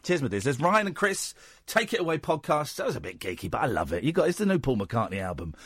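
A man's voice: mid-range voice, sing-song, fast talker, fairly bright tone, breathy edge, no room sound. A man hosting late-night radio, playful and jokey, talking into a studio microphone. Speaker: radio host.

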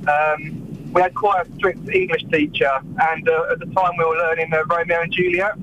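Man, radio caller, hesitant, high voice, muffled far-off line, car noise behind. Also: fairly even intonation, normal speed, fairly bright tone. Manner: hesitant, lots of ums.

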